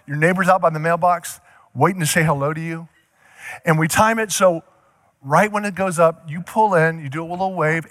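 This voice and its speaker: A male pastor preaching a sermon, animated, acting out little scenes for the congregation. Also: high-pitched, dry recording, studio quality.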